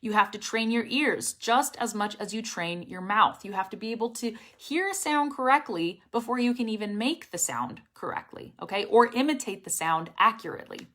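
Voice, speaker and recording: A woman's voice: a little high, expressive, normal speed, few pauses, a bit bright. A young woman teaching English pronunciation in a casual online lesson, with a strong, well-supported voice, speaking energetically and often checking in with "okay?".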